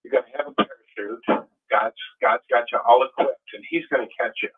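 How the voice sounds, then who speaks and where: A man speaks earnestly over a tinny phone line, his voice pitched in an ordinary middle range. He tells his story with animated feeling and builds to fervent appeals. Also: brisk. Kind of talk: casual chat.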